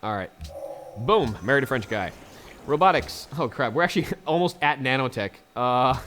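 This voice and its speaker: A man's voice: medium pitch, expressive, unhurried, pauses often, a bit bright, soft background music. A man casually commenting on his strategy game, chatty and laughing often, talking to the units on screen. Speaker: let's play gamer.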